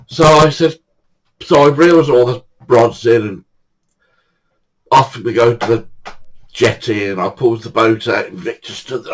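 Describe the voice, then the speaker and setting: A man's voice: mid-range voice, steady tone, moderate pace, low-quality recording. An older man casually telling a funny true anecdote, chatty and swearing now and then, acting out the dialogue. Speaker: storyteller.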